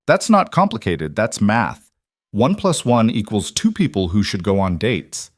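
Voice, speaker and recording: A man's voice: lowish voice, big pitch swings, measured pace, no echo, studio quality. A man voicing a bouncy, bossy eight-year-old girl who talks eagerly and with total certainty. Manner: eager, matter-of-fact, insistent.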